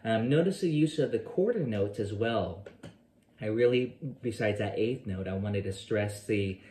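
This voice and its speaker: A man's voice: fairly low pitch, moderate pace, dark tone, slight background noise. A man teaching a guitar lesson, scatting the phrases he plays and counting beats aloud between loose, rambling explanations. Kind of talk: guitar lesson with scat-singing. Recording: roomy sound with guitar playing behind. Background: guitar playing.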